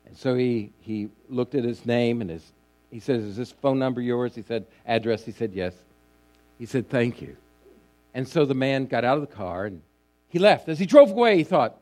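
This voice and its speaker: After reading from scripture, a male pastor spins a long story at an unhurried pace, his intonation lively and his tone a little mellow. Fillers and restarts bring frequent pauses, and his phrases tend to trail off low.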